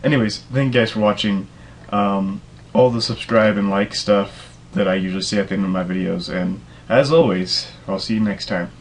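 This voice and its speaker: Hosting a casual tutorial on coding, a young self-described nerd rambles keenly with lots of fillers. His lowish voice has fairly even intonation at a moderate pace, and there's a little hiss or hum in the recording.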